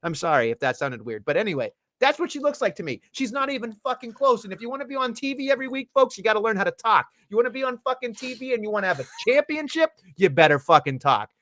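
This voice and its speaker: A man's voice: high voice, very animated, fast talker, few pauses, a bit bright. A man co-hosting a wrestling podcast, blunt and profane, ranting in casual chat.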